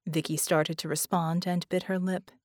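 A woman reading an audiobook in a measured, steady storytelling voice. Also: fairly low pitch, no room sound, clean studio sound. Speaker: audiobook narrator. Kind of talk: scripted audiobook narration.

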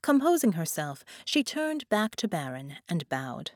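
A woman reading a science-fiction story aloud as narrator, in a steady storytelling manner. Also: lowish voice, a little slow, hardly any pauses, no echo, clean studio sound. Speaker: audiobook narrator. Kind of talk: scripted narration.

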